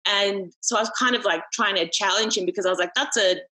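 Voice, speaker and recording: A woman's voice: medium pitch, fast talker, bright, forceful tone, low-quality recording. A young Australian woman, a podcast guest, talking candidly in casual conversation, swearing freely and peppering her speech with fillers. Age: young adult.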